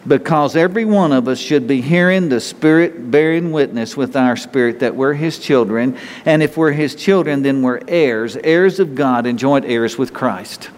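A man's voice: medium pitch, moderate pace, hardly any pauses, a little mellow. A male pastor preaching a conversational sermon, with self-talk and quoted prayers, to a church congregation. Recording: long hall reverb.

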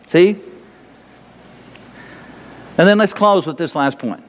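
A man's voice: fairly high pitch, slow, pauses often, long reverb tail. A man preaching a sermon, emphatic and rambling, pressing his listeners with repeated questions. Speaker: pastor.

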